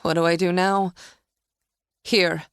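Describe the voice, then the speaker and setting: A woman narrator playing a strained, anxious woman, a former actress close to losing control. The voice is low with a gravelly edge, and the read is close and dry. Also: level tone, slow pace, no echo. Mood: panicked.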